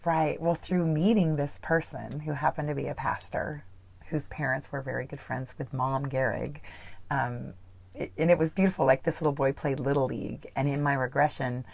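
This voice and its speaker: A woman with an unusually low voice and a gravelly edge. She talks through a personal story earnestly, in casual interview style with lots of fillers. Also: steady tone, moderate pace, darkish tone. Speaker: guest.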